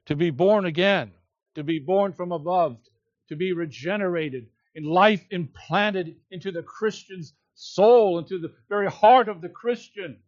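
A man preaching an expository sermon, voice pitched fairly high and delivery unhurried. He leans into key words with emphatic repetition. The recording is dry and somewhat dull. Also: no echo.

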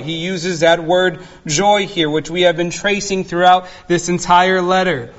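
Male pastor preaching real slow and earnest, leans on each word, kinda muffled recording. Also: high voice, level tone, a bit bright. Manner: slow and earnest, stressing single words. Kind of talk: expository sermon.

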